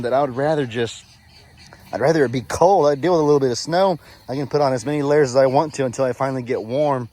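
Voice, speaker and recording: A man from Texas, with a Texan accent, chats casually on his farm vlog in a folksy, easygoing, rambling way. His mid-range voice moves quickly and has a darkish tone.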